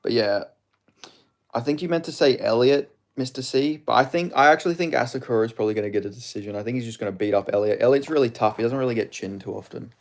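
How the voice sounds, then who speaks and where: A man's voice: medium pitch, fast. Man rambling on a live stream. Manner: rambling, answers chat questions. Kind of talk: casual live-stream chat.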